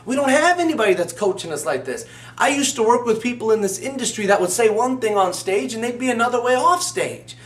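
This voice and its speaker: This motivational talk to camera comes from a man with a high, expressive, slightly bright voice who speaks fairly quickly. Playing a business coach, he pushes the listener with fervent, emphatic, repetitive exhortation. The recording sounds echoey, as if he's far from the mic.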